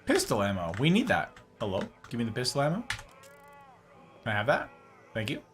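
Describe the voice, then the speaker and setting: A man's voice: mid-range voice, huge pitch swings, a little fast, fairly bright tone, faint music behind. A young man streaming a game, chatting casually with playful, theatrical jokes. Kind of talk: casual gameplay commentary.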